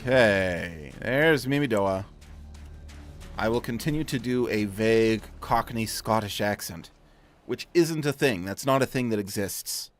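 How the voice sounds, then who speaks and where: Gaming host, male, casual wry commentary, expressive pitch, faint game music underneath. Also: measured pace. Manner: self-mocking, wry asides. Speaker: let's play host.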